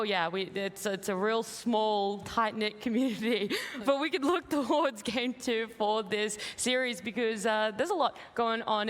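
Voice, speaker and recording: A woman's voice: on the high side, big-room sound. A woman with an Australian accent hosting an esports panel with upbeat, playful banter. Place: convention center stage.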